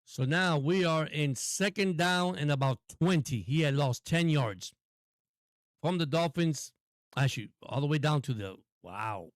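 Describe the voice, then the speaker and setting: With an animated, slightly high voice and a somewhat slow delivery, this sports stream host chats his way through live football play-by-play. He laughs a lot and addresses his viewers, and the audio is clean studio sound without echo.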